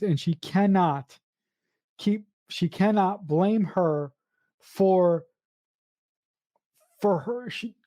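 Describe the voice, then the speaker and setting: Woman on a podcast sharing sincere takes, warm mellow voice, super dry mic. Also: medium pitch, dry recording. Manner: earnest and reflective, with restarts. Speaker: podcast co-host. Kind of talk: casual film discussion.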